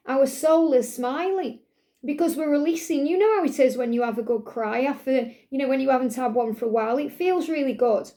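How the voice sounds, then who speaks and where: A woman giving a spiritual tarot and oracle card reading, in a gentle, repetitive, soothing way. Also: high-pitched.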